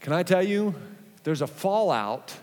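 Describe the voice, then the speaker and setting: In no hurry, a pastor with a fairly high male voice gives his sermon in an animated, chatty style, slipping playful remarks between points. Long reverb from a large church hall rings around his words.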